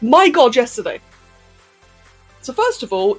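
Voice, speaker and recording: A woman's voice: on the high side, big pitch swings, measured pace, pauses often, faint music behind. A woman chatting casually on a live stream, hyper and giggly, answering chat messages as she goes.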